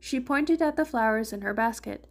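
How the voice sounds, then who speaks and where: A woman's voice: on the high side, normal speed. A woman reading a fan fiction story aloud, narrating and lightly voicing the characters. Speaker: fanfiction reader.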